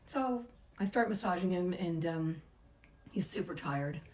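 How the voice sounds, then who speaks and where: A woman's voice: fairly low pitch, animated, a little slow, a little mellow, low-quality recording. A middle-aged woman, a massage therapist, chattily telling a personal story and acting out the voices she quotes. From United States.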